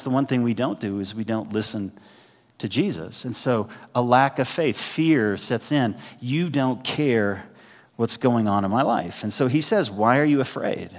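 A man preaches in a relaxed, conversational way, pausing to let points land. His voice sits at an ordinary middle pitch. A long hall reverb trails each phrase, as in a church. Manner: conversational preaching, emphatic pauses. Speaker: pastor. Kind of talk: sermon.

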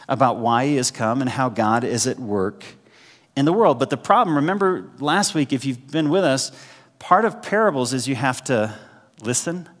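A man preaches in a relaxed, conversational way, pausing to let points land. His voice sits at an ordinary middle pitch. A long hall reverb trails each phrase, as in a church. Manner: conversational preaching, emphatic pauses. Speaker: pastor. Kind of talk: sermon.

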